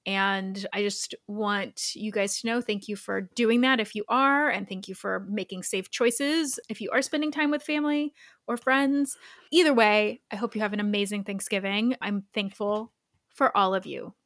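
A young adult woman co-hosting a podcast in casual chat, warm and giggly. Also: mid-range voice, steady tone, normal speed, dry recording, clean studio sound. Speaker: podcast co-host.

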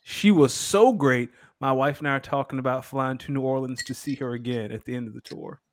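A man's voice: mid-range voice, brisk, dry recording. A young adult man co-hosting a casual sports podcast, telling a story earnestly and laughing easily. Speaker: podcast co-host.

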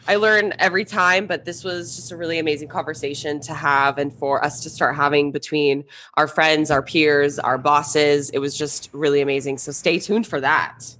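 A woman's voice: low voice, steady tone, normal speed, hardly any pauses, a bit bright, slight background noise. A woman co-hosting a podcast in casual chat, upbeat and gushing. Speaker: podcast co-host.

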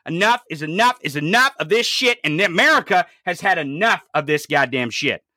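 A commentator delivering an angry, profanity-heavy political rant, swinging from low growls to shouts. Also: animated, moderate pace, a little hiss or hum.

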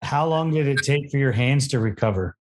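A man's voice: medium pitch, animated, a little fast. Man asking short interview questions. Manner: brief prompting questions.

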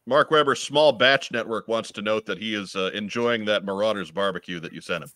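Guy cohosting a stream, lowish bright voice, dry close mic, reads comments out. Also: no echo. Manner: reads out viewer comments, halting restarts. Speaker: podcast co-host. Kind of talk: casual livestream chat.

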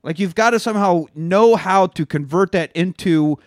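A man with a slightly high-pitched voice recaps a film plot in loose, profane podcast chat, now and then jumping into quick voices for the characters. The sound is dry and close, with no room echo. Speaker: podcast co-host. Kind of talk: casual movie recap chat.

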